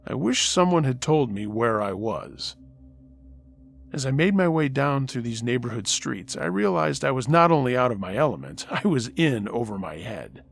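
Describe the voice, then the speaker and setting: A man's voice: medium pitch, creaky. A man telling a first-person scary story aloud in a dramatic, conversational way. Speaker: storyteller host.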